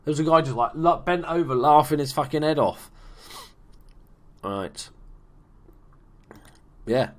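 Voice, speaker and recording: A man giving casual, chatty commentary over a football management game, swearing freely and bursting into shouts at big moments. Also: a little high, expressive, unhurried, long pauses. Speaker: gaming YouTuber. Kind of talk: casual let's play commentary.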